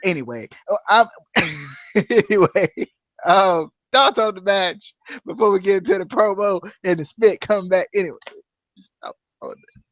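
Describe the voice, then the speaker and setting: A man's voice: high-pitched, animated, moderate pace, no echo, lo-fi sound. A man co-hosting a podcast, casually recapping a wrestling show, often laughing and acting out quotes. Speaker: podcast co-host.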